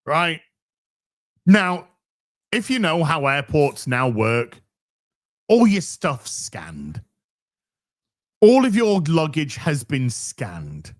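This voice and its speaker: A man's voice: fairly high pitch, huge pitch swings, drawn-out words, pauses often. A British man telling a story in casual chat, sarcastic and swearing often, acting out both sides of an exchange. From Britain. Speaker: podcast host.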